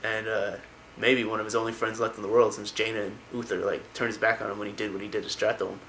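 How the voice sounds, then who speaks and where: A man's voice: fairly low pitch, flat delivery, fast talker, a bit bright, a little hiss or hum, low-quality recording. A man casually retelling a fantasy story, rambling with many fillers and restarts. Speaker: lore video narrator.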